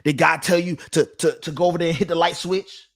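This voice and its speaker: A man's voice: a little high, steady tone, brisk, breathy edge. A man voicing an indignant woman, fed up.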